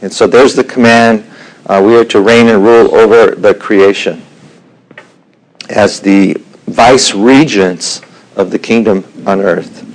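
A middle-aged man teaching a Bible lesson in an unhurried way, with frequent fillers and the odd throat clearing. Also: on the low side, fairly even intonation, rough recording.

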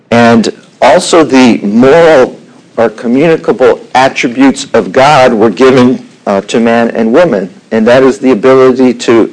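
A middle-aged man teaching a Bible lesson in an unhurried way, with frequent fillers and the odd throat clearing. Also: medium pitch, darkish tone, low-quality recording.

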